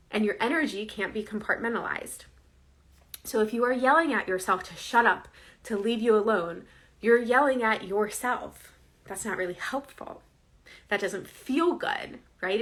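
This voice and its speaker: A woman's voice: a little high, pushed and bright. A woman coaching viewers in a casual, earnest, conversational way, often checking in with "right?". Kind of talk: casual direct-to-camera advice.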